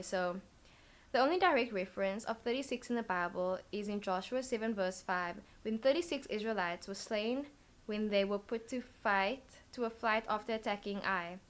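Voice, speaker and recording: A woman giving a casual tarot reading, rambling and thinking aloud with lots of fillers. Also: medium pitch. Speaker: tarot card reader.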